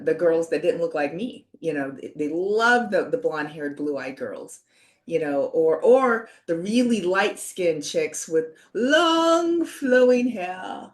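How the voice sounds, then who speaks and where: An older woman in her sixties speaks from a video call, with a voice that sits a little on the low side. She tells her story in an earnest, halting way, circling back with "you know" and small restarts. Her delivery feels reflective and personal. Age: 60s. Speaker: panelist sharing a personal story.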